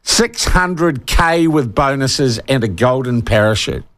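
A man's voice: mid-range voice, animated, slow, fairly bright tone. A man in his sixties with a New Zealand accent, hosting talkback radio and reading out texts, indignant and emphatic as he gets worked up. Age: 60s. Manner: indignant, emphatic, growing heated. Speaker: talk radio host. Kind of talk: opinionated talkback radio monologue.

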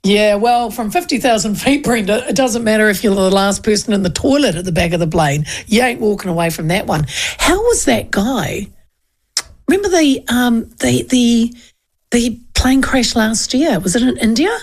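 A woman's voice: fairly high pitch, lively intonation, normal speed. Chatty New Zealand woman radio host. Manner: chatty, storytelling, cheeky. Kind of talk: casual talkback chat reading listener texts.

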